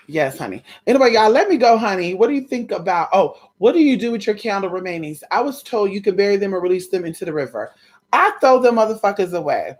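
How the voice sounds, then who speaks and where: A young adult woman telling her viewers a story in a casual, animated way. She swears freely and keeps calling them y'all. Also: on the low side. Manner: animated, chatty, profane, addresses viewers as y'all. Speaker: spiritual content creator.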